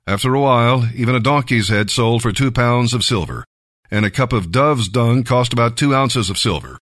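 Man reading scripture, slow deliberate pace, dry close sound. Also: medium pitch, animated, fairly bright tone, no room sound. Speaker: Bible reader.

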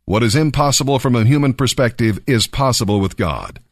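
Jesus, voiced by a man as a calm, solemn teacher. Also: medium pitch, a little fast, dry recording, studio quality, natural voice.

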